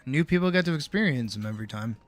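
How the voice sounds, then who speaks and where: Late at night at home, a tired streamer and animator with a sore jaw talks on a desk mic in an animated, mid-range voice at a quick pace. He rambles, swears freely and mocks himself, in a dry recording with faint music behind.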